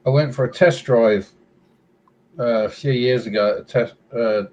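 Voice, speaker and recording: An English man with an Essex accent, chatting casually and telling wry anecdotes. His voice sits at a middle pitch. The recording sounds a little dull. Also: a little slow, a little mellow, a little hiss or hum. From England. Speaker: regular chat guest. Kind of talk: casual chat.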